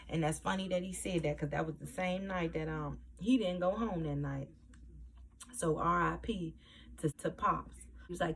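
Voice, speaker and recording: A woman talks through a TV episode in a relaxed, conversational way. Her voice sits on the lower side, and she jumps up in pitch to act out what the characters said. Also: moderate pace. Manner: animated, acts out quoted lines in a raised voice. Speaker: TV episode reviewer. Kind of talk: casual recap of a TV episode.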